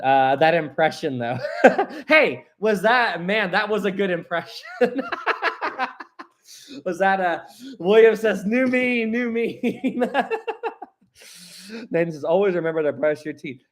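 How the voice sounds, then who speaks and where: A young man hosting a casual live stream, reading viewer comments aloud and rambling chattily with frequent laughs. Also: sits high.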